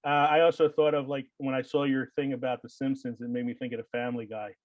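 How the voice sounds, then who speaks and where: A man's voice: medium pitch, little pitch movement, fast, no room sound, dull audio. A man hosting a casual podcast chat, rambling with lots of fillers and frequent laughs. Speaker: podcast host.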